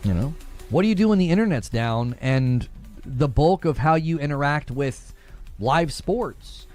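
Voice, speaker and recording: A man's voice: fairly high pitch, expressive, unhurried, darkish tone. Guy rambling casually, lots of up and down in his voice, faint music behind. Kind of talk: casual online chat.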